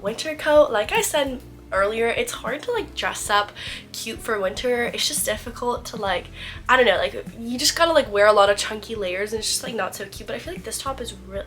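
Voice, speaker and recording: A woman's voice: fairly high pitch, sharp tone. A young woman vlogging in a casual, chatty way, filling her speech with "like", and sounding congested from a cold. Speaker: lifestyle vlogger. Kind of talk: casual chat.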